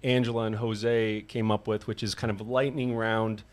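A man's voice: on the low side, flat delivery, moderate pace. A man hosting a science podcast, talking in an easygoing, conversational way with some fillers. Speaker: podcast host, chief science officer. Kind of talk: casual podcast chat.

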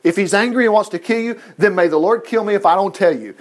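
A man reading the part of a loyal young prince, protective and eager, now and then jumping higher in pitch. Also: fast, lightly acted. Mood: earnest.

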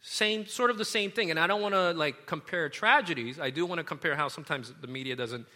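Preacher, male, high voice, loose conversational sermon full of "uh"s and restarts. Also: a little fast, bright, forceful tone. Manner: casual, rambling, frequent fillers and self-corrections.

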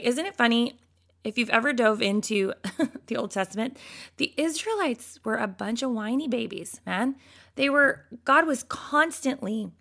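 A woman teaching a devotional Bible lesson, talking straight to her listeners and reading scripture aloud. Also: a little high. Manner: lively, talks straight to listeners; reads scripture aloud, mocks complaints with put-on whiny voices.

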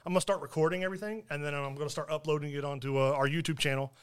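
High-voiced chatty man co-hosting. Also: steady tone, racing, clean tone. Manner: laughs often, rambling restarts. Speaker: podcast co-host. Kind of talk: casual chat.

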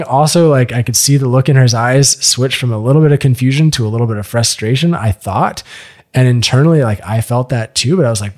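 Guy on a podcast telling a story, lively, swears a lot, acts out what people said. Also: medium pitch, a little fast. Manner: animated, acts out quoted voices, swears freely. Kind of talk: casual storytelling.

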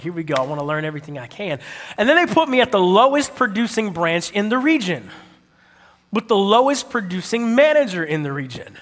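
Animated preaching man in a reverberant hall. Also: high voice. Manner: animated storytelling, calls out to the audience. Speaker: pastor. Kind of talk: sermon.

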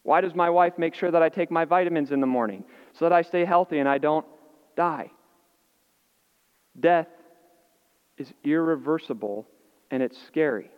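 A male pastor preaching a sermon, earnest, with dramatic pauses and voice dropping soft on key words. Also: fairly high pitch, smooth. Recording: muffled, long reverb of a large hall.

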